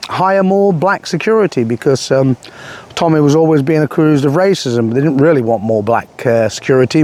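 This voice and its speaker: A man's voice: fairly high pitch, a little mellow. A man giving a sarcastic political commentary monologue, scornful and rambling with many fillers.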